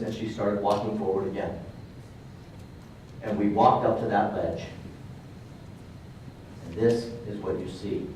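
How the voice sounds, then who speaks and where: A man's voice: on the low side, fairly even intonation, measured pace, long pauses, darkish tone. Male conference speaker, earnest and conversational, recorded from a distance in a very echoey hall with a faint hiss. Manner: earnest, conversational storytelling with emphatic repeats. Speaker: motivational speaker. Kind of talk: storytelling keynote talk. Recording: roomy hall sound from off mic.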